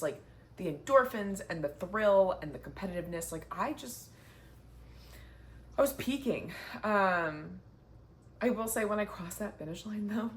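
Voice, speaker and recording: A young woman talks to the camera in a casual sit-down chat, chatty and heartfelt, with lots of "like" fillers. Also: on the low side. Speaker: vlogger, marathon runner. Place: indoors, sitting down. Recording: faint background noise.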